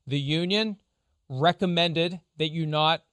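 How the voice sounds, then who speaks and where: A man hosting a sports talk show, explaining legal angles in a measured, lawyerly way. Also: a little high, fairly bright tone, clear, resonant tone, no room sound, clean studio sound. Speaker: show host, legal analyst.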